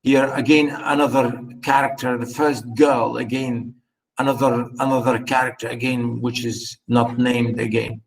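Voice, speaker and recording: Slow, patient male literature lecturer. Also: medium pitch, little pitch movement, gravelly, rough recording. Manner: explains patiently, many "you know" fillers. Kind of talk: lecture, reading and explaining a play.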